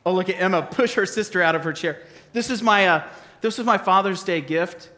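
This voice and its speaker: A man's voice: high voice, fairly quick, bright, forceful tone. A man in his forties, a pastor giving a joking, conversational sermon to his congregation on a worn mic. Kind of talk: sermon with a live demonstration. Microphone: wearing a mic. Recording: long reverb of a large hall.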